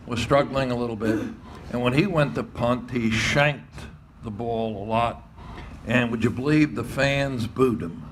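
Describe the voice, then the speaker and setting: An older man, a former baseball coach telling animated stories and often laughing as he acts out quoted voices. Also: medium pitch, a little hiss or hum. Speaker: retired baseball coach and athletic director. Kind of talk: storytelling interview.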